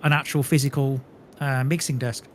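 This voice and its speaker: A man's voice: medium pitch, flat delivery, normal speed, a little hiss or hum. A man chatting casually while playing a game, explaining things at length with plenty of fillers. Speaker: co-op gamer and streamer. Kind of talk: casual gaming chat.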